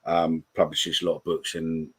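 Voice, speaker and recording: A man's voice: rumbling low, completely flat delivery, moderate pace, husky. A man, hosting a live call-in podcast, swearing freely as he reads out comments. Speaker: podcast host.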